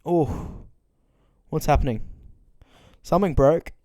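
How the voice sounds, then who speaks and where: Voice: medium pitch, slow, mellow, dry recording, clean studio sound. A podcast host giving casual, joking watch-along commentary, reacting in disbelief and laughing often.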